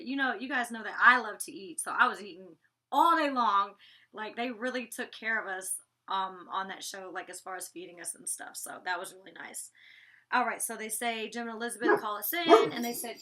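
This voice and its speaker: A reality show cast member chats through a recap of an episode she appeared in, full of "like"s and restarts, and stops to talk to her dog along the way. Her voice is mid-range, fairly quick, and pushed and bright.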